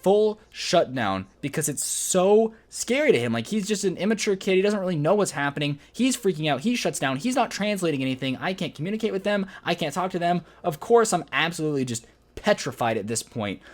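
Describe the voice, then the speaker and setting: A young man spins a dramatic storytime for his vlog audience. His voice sits a little high and leaps up and down as he tells it. He talks in loose slang and hams up the story for laughs. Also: fairly quick. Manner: animated, jokey storytelling with slang. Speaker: vlogger.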